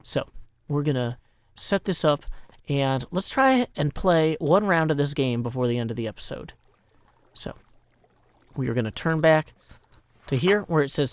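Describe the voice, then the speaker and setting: A man's voice: on the high side, lively intonation, normal speed, pauses often, no room sound. A man from Nashville with a Southern US accent, chatting playfully as host while explaining a game he built. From Nashville, Tennessee. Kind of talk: game commentary.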